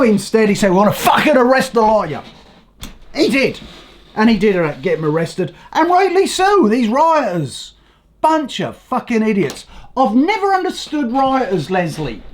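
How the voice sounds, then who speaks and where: An older Englishman with a hoarse voice rants about politics in a blunt, sweary vlog. His pitch swings widely as he talks, rising and dropping from one phrase to the next. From England. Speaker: vlogger. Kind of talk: ranting political commentary.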